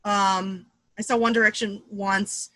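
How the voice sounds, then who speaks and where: In a casual storytelling chat, a comedian guest, a woman in her thirties from around Boston, rattles off animated anecdotes and performs other people's lines. She speaks at medium pitch, with no room sound in the recording.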